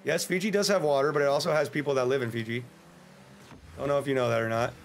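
An American man streaming a game, chatting casually in a joking, rambling way and breaking into sudden excited yelps. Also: medium pitch, quick pace, slight background noise. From United States. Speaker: livestreamer. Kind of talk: casual gameplay livestream commentary.

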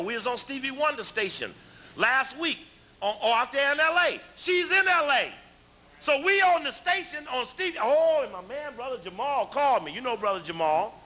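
Man, fiery lecture, high lively voice, bright tone. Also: a little hiss or hum. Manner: preacherly, call-and-response, raises voice to shout.

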